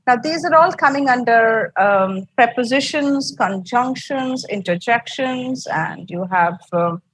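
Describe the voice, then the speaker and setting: A woman's voice: fairly high pitch, expressive, measured pace, a bit bright, poor audio. A woman with an Indian English accent teaching an online English class, explaining patiently and repeating herself, heard over a video call.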